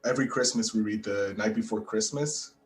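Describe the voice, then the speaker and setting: A man's voice: on the low side, a little fast, low-quality recording. A man hosting a podcast interview, talking casually and eagerly with many fillers and restarts. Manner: chatty and animated, with frequent fillers and restarts. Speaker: podcast host.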